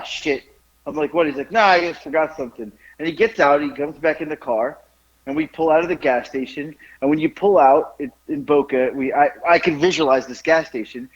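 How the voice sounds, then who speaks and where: A man co-hosting a podcast over a call, telling a funny story in casual chat and laughing through it. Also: highs cut off. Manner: laughs through his own story, voice jumping high. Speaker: podcast co-host. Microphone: remote call.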